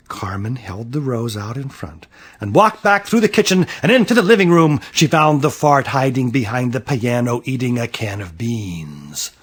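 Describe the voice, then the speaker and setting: A man reading his own picture book aloud to children, playful, with slow dramatic pauses. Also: medium pitch, sing-song, breathy edge.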